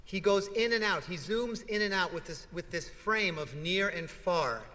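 A man's voice: high voice, normal speed. A man preaching a sermon in a large church sanctuary, telling stories and asking rhetorical questions. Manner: animated storytelling with rhetorical questions. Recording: echoey church hall.

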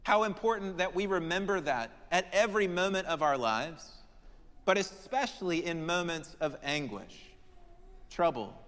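A man preaching a sermon, moving dramatically between emphatic declarations and hushed, prayerful lines. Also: high voice, expressive, normal speed, long reverb tail. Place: church.

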